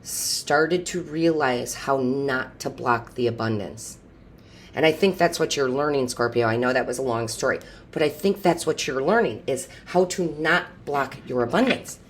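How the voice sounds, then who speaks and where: A woman reading tarot cards intuitively and speaking straight to her viewers in a chatty, upbeat way, with big swings in pitch and loudness. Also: normal speed, slight background noise. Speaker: tarot reader and medium.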